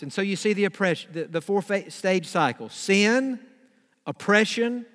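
A pastor preaches in a large hall, reading scripture aloud, explaining it, and now and then acting out pleading prayers to God. His voice is high-pitched, animated and fairly bright, at a normal speed.

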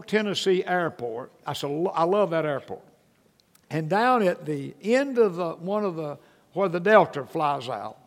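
A man's voice: on the high side, creaky. An older man, delivering a sermon as a pastor in folksy storytelling fashion, with self-deprecating humor. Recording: echoey hall with long reverb.

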